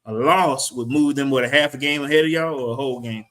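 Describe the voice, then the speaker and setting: A man's voice: mid-range voice, fast, fairly bright tone. A man co-hosting a casual sports talk show, stammering and restarting his sentences. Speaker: podcast co-host.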